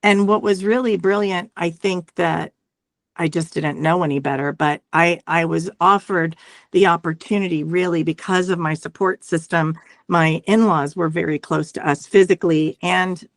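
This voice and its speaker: A middle-aged woman with a low, dry, close-miked voice, speaking as a guest in a conversation. She talks in a reflective, halting way, often restarting her sentences and tagging them with a questioning "right?". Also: fairly even intonation, no echo. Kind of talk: conversational interview.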